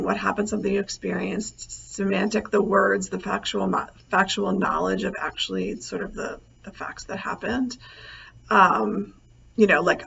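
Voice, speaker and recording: Gravelly-voiced woman teaching a recorded lecture. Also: mid-range voice. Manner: relaxed, many fillers, thinks aloud. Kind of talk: recorded lecture over slides. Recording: slightly dull, faint noise.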